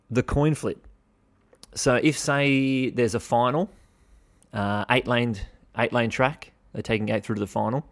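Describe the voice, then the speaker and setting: A young Australian man hosting a podcast, talking casually and bluntly, swearing freely with mock exasperation. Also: mid-range voice. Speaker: podcast host. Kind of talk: casual solo commentary.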